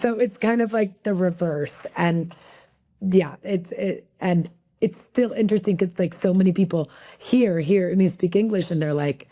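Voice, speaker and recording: Mellow-voiced woman chatting as interview guest. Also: on the low side. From El Paso, Texas. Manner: chatty, many fillers, quick storytelling. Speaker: guest, magazine editor. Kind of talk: casual interview conversation.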